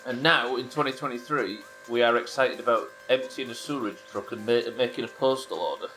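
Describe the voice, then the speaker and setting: A man's voice: medium pitch, brisk, pushed and bright, soft background music. A British man streaming a driving game, chatting casually and making dry jokes with his viewers. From Britain. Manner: dry, joking banter with chat. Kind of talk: casual live-stream commentary to chat.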